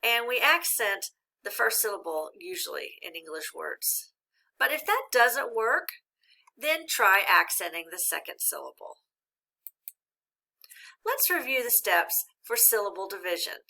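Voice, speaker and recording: Clear, encouraging woman teaching a reading lesson. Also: medium pitch, big pitch swings, sharp tone. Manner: slow, clear and encouraging, addressing young learners.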